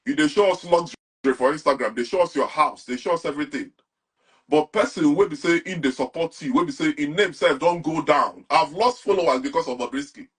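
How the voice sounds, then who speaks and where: A man's voice: on the high side, brisk, slightly rough. A young man with a Nigerian accent, talking animatedly as an interview guest and mixing Pidgin with English. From Nigeria, Anambra. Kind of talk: casual interview talk.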